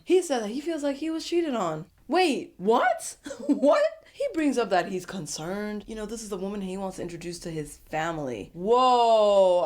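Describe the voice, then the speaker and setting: A woman giving a casual, animated, sassy recap of a reality show episode and laughing often. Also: mid-range voice.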